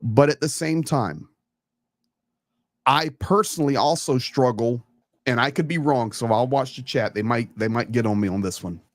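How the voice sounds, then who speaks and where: A man's voice: mid-range voice, normal speed, no echo. A man talking in a casual live stream, earnest and emphatic, often repeating words to stress a point. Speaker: live stream guest commentator.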